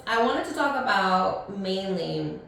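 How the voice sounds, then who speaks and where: A woman's voice: mid-range voice, animated, slow, creaky, very noisy. A woman of thirty hosting a casual solo podcast, chatty and blunt, rambling with many ums and restarts. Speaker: podcast host. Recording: echoey room, mic at a distance.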